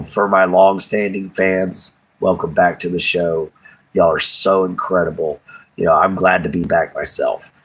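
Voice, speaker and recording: Husky man chatting with viewers. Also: low-pitched, fairly bright tone, rough recording. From Texas. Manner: rambling, folksy, chuckles often. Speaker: livestream host. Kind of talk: casual chat with live viewers.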